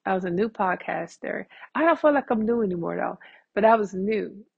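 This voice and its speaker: A woman's voice: mid-range voice, lively intonation, a little fast, vocal fry, slightly rough, highs cut off. A woman hosting a casual solo podcast from home, chatty and talking straight to her listeners as "y'all.". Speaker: podcast host.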